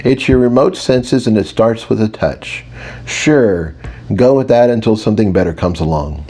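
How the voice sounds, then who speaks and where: A man's voice: on the low side, expressive, moderate pace, dark tone. A man reading an audiobook, voicing a prim, disapproving male inner voice with a British lilt. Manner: snippy, scolding.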